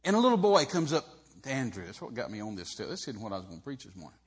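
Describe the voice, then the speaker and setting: A man preaching a humorous storytelling sermon in a folksy way, swinging between loud and soft and acting out the people in the story. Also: mid-range voice, very animated, racing, slightly rough. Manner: folksy, acts out Bible characters with voices, swings loud and soft.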